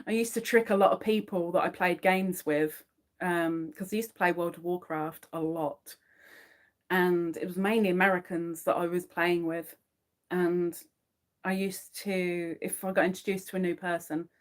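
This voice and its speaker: A woman hosting a crochet livestream, chatting casually with viewers and murmuring her stitch counts while she works. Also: on the low side. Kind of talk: casual chat to a live audience while crocheting.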